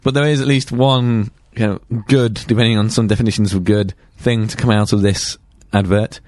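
A man's voice: fairly low pitch, fairly even intonation, normal speed, a little mellow, dry recording. A man co-hosting a podcast, chatting casually with dry wit and stumbling restarts. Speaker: podcast co-host. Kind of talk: casual comedic chat.

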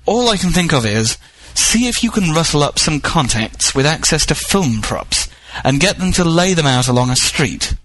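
Wry correspondent, dry sound. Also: male voice, a little high, normal speed, hardly any pauses, no room sound, rough recording. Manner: wry, wordy, deadpan. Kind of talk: scripted comic report.

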